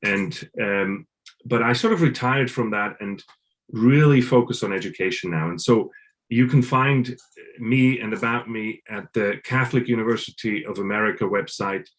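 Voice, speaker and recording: Low-voiced man from Switzerland. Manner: halting, many restarts and repeated words. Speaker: interview guest. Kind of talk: casual interview.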